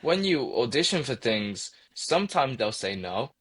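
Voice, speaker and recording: A man's voice: medium pitch, big pitch swings, unhurried, fairly bright tone, slightly rough. A young man from England with a Coventry accent, a guest in an interview, talking earnestly and often repeating words as he thinks aloud. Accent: Coventry English. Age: young adult. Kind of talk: reflective interview conversation.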